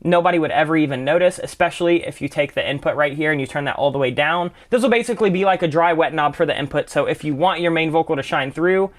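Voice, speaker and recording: A young man with a slightly high voice walks through music production plugins in a casual screen-share tutorial, talking quickly. He's relaxed and chatty, full of fillers like "kind of" and doubled words like "really, really." He comes across as a friendly tutor sharing his own workflow.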